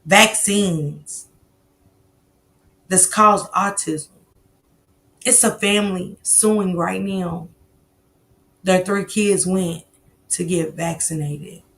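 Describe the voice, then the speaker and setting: A woman hosts a casual live stream. Her voice is bright and forward, and she tells stories loudly and animatedly, full of slang and swearing. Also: fairly low pitch, steady tone, drawn-out words, long pauses, a little hiss or hum.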